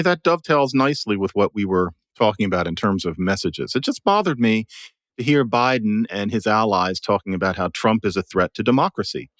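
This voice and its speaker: A man talking in an animated, emphatic way as a regular guest commentator, explaining his ideas in a conversation. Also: on the low side, dry recording. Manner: animated, emphatic, plays with sounds and voices.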